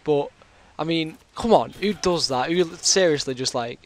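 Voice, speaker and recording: A man's voice: fairly high pitch, moderate pace. A British man with a sore throat, telling a long rambling story in casual chat over his gameplay. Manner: rambling, chatty, full of fillers. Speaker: gaming commentator.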